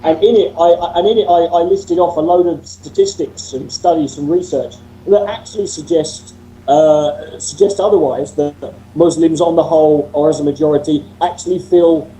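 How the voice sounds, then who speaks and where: A man's voice: a little high, steady tone, normal speed, dark tone, a little hiss or hum, poor audio. A man talking casually on a panel, rambling with many restarts and swearing freely, speaking into a computer mic on a video call.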